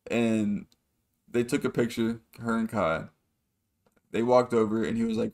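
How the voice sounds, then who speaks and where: A man's voice: lowish voice, fairly even intonation, measured pace, pauses often, a little mellow. Rambling, profane man telling a story. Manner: rambling, profane, acts out quotes with shifting voices. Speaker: podcast host. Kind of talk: casual storytelling monologue.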